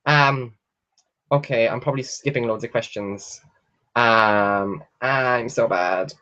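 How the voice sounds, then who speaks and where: Young male book vlogger, casual and excitable, average pitch, dull home-webcam audio. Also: slow pace. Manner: chatty and excitable, swears freely, bursts into loud squeals of delight. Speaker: book vlogger hosting a live Q&A. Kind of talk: casual livestream chat, reading out viewer questions. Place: at home, sitting in a chair.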